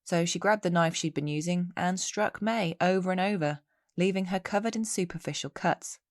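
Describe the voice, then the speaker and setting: A woman's voice: fairly low pitch, moderate pace, no room sound, clean studio sound. A woman hosting a solo true-crime podcast, telling the story with chatty, wry asides. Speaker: podcast host.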